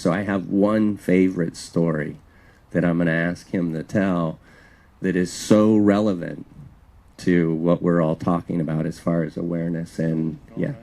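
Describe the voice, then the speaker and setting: Deep-voiced man introducing a speaker. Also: warm tone. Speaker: event presenter introducing a speaker. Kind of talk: introducing a speaker at a live event.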